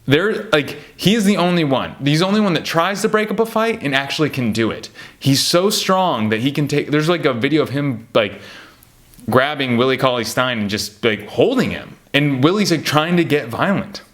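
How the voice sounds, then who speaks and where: Animated man rambling about basketball. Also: on the high side, normal speed. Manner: animated, rambling, gets worked up. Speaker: podcast host ranking basketball players. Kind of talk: casual chat.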